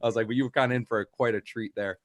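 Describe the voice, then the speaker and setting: Fast-talking man telling a rambling story. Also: mid-range voice, dry recording, clean studio sound. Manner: rambling anecdote full of "like", animated quoting. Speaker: podcast co-host. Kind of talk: casual chat, storytelling.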